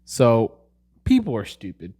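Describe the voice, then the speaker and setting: A man's voice: medium pitch, huge pitch swings, measured pace, mellow. A young man co-hosting a podcast who jokes and teases his co-host. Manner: joking, playful teasing. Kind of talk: casual chat.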